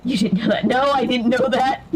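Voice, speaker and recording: A woman's voice: fairly high pitch, normal speed, darkish tone. A woman chatting casually while playing a video game, laughing often. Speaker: podcast co-host. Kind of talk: casual chat while gaming.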